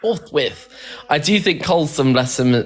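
A man co-hosting a casual live stream in a chatty, amused way. His voice sits at a middling pitch but moves up and down a great deal. He reads out viewer comments and teases his partner fondly. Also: expressive, brisk, fairly bright tone.

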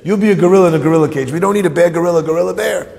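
A man's voice: sits high, very fast, gravelly, a little mellow, a little hiss or hum, pitched above the performer's own voice. A man voicing an exasperated male bear stuck in the wrong job at a zoo, in a joke told from the pulpit. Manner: exasperated, pleading. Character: frustrated male bear stuck posing as gorilla. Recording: long hall reverb.

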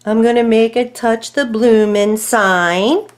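A woman hosting a casual crafting tutorial at home, chatting to herself and her dogs as she works and thinking aloud over each choice, sometimes dropping to soft murmurs. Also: a little high, steady tone, slow pace, hardly any pauses.

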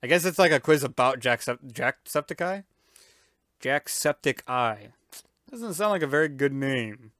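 A gaming YouTuber doing let's-play commentary, loud and excitable, with playful yelps, silly noises and sound effects. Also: mid-range voice, a little fast, hardly any pauses, no echo, clean studio sound.

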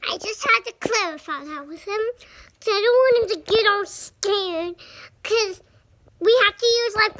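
A young girl of about nine chats through her home vlog in a bubbly, filler-filled way. Her voice sits very high and bright. She talks slowly and unhurriedly. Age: child, about 9. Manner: chatty, bubbly, full of fillers. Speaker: vlogger. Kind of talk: casual vlog chat.

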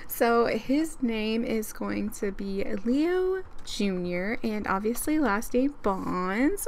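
A woman's voice: a little high, slow pace, slight background noise. Chatty, giggly young woman gamer. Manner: chatty and excitable, with frequent giggles and fillers. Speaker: gaming channel host. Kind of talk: casual let's-play commentary.

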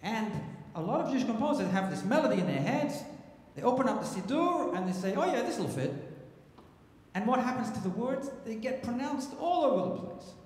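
A man's voice: extremely high pitch, sing-song, brisk, hardly any pauses, a little mellow. A man, a cantor and composer, telling stories and teaching the audience in a chatty, humorous way. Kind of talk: storytelling lecture to a synagogue audience. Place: large synagogue sanctuary. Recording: echoey sanctuary with long reverb, faint noise.

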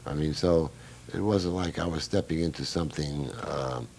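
A man's voice: very deep voice, moderate pace, vocal fry, a little mellow, a little hiss or hum. A man, a jazz musician being interviewed, telling anecdotes in a chatty way with many "you know" fillers. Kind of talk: casual interview storytelling.

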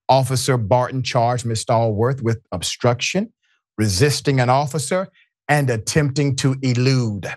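An indignant male news show host delivers emphatic commentary, directing his crew as he goes. His voice sits at an ordinary pitch and sounds close and dry, with no room around it. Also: no echo.

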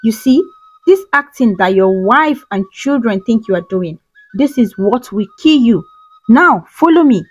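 A vengeful young ghost girl, grieving yet hard, speaking low and sharp, as a woman storyteller puts her on. Her voice sits fairly high and moves a lot. Soft music plays underneath. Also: animated, a little slow, dry recording. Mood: menacing.

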